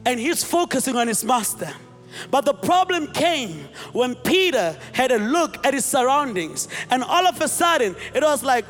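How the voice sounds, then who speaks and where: Pastor guy with a really high voice preaching, acting out the story, echoey hall, faint music behind. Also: unhurried. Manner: animated storytelling, acting out scenes. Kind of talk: sermon.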